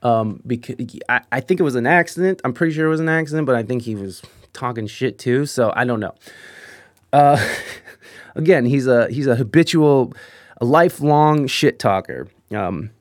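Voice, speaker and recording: A man telling a rambling, profane anecdote in a casual, animated way, with frequent restarts. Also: medium pitch, moderate pace, dry recording, studio quality. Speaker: storyteller.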